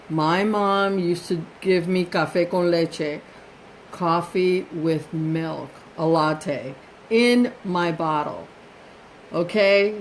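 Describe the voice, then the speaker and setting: A woman's voice: fairly low pitch, a little hiss or hum, rough recording. An older woman with a New York accent, talking casually and teasing on a livestream, laughing often. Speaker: guest, host's mother.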